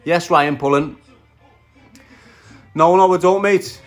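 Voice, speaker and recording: A man's voice: fairly high pitch, takes it slowly, faint music behind. A man with a Liverpool Scouse accent ranting on a phone livestream, aggressive and profane, trading insults while greeting viewers by name. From Liverpool, England. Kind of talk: casual livestream rant.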